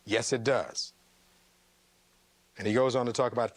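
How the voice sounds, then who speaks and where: Here a man acts as a defense attorney giving his closing argument, reading testimony aloud and putting rhetorical questions to the jurors, with sharp pitch jumps on stressed words. Apart from those jumps his intonation is fairly even, and his delivery is unhurried. There is no room sound.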